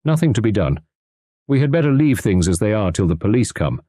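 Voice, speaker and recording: Businesslike doctor, read by a male narrator, brisk and authoritative, dark tone, storybook reading. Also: lowish voice, sing-song, no room sound, clean studio sound.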